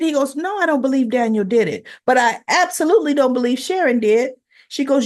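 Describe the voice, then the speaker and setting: A woman's voice: high-pitched, animated, moderate pace. A woman hosting a casual recap vlog, retelling scenes as quoted back-and-forth dialogue with chatty asides to viewers. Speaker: soap opera recap host.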